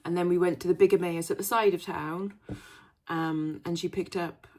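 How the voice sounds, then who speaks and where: A woman's voice: fairly low pitch, steady tone, normal speed, a little mellow. A young woman chatting casually to camera in a rambling vlog, full of fillers and asides. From Wales. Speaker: resale vlogger.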